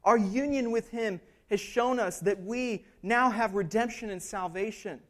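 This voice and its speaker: A man's voice: high voice, measured pace, a bit bright. A man preaching an expository sermon as pastor. He talks in an earnest, conversational way, checking in with "right?" and building to emphatic passages.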